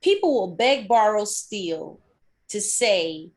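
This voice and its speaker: High-pitched woman in casual chat, voice bouncing all over, acts out ppl. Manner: animated, acts out other people in quick bursts. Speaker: podcast co-host.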